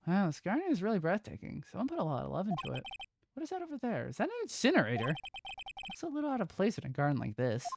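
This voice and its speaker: A woman's voice: lowish voice, huge pitch swings, quick pace, creaky, background noise, exaggerated voice. A woman voicing a young male lawyer in her own voice, muttering dry asides while reading game dialogue aloud. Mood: wry. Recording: game music behind.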